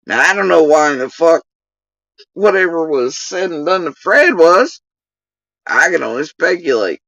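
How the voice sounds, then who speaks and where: A woman's voice: low-pitched, big pitch swings, measured pace, fairly bright tone, no room sound, far from the mic, low-quality recording. Heated, swearing woman ranting on stream. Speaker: livestreamer. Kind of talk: livestream rant.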